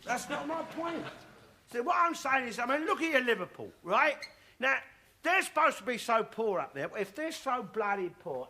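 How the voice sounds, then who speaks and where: Alf Garnett: a ranting old bigot. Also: male voice, very high-pitched, heavily acted. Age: older. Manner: blustering, shouting, self-satisfied ranting. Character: bigoted loudmouth old London football fan. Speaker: sitcom character. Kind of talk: studio sitcom acting.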